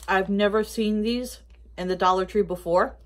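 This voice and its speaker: A woman's voice: medium pitch, steady tone, moderate pace, slight background noise. A woman chatting casually as she tries out makeup and candy from a store haul, thinking aloud and rambling. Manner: talks with mouth full of candy. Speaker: haul vlogger. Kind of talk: casual product review.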